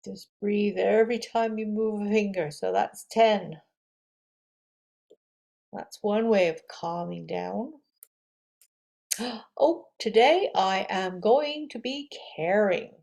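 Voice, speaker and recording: A woman yoga teacher gently leading affirmations and breathing for a guided meditation. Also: medium pitch, vocal fry. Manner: gentle, slow, encouraging, with audible breaths.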